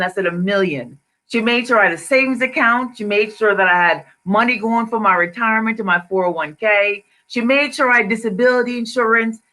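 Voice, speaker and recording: A woman with a Jamaican accent, who works as a financial advisor, gives a personal testimony on a video call, repeating key phrases for emphasis. Her voice is fairly high, pushed and bright.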